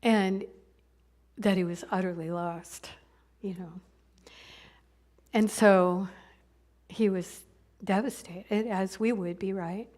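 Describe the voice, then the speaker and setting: A woman minister tells a long story during a sermon. She speaks in a conversational, halting way, often restarting her phrases, at a middle pitch. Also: fairly even intonation, darkish tone.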